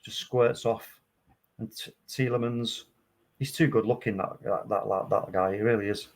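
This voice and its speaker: A man giving live, excitable commentary on a football match, calm play-by-play that flares into loud outbursts. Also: on the low side, normal speed. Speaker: watchalong host.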